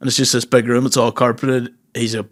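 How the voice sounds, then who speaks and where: A man's voice: mid-range voice, flat delivery, a little fast. A young man, co-hosting a podcast in loose, joking banter full of slang. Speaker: podcast co-host. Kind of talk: casual chat.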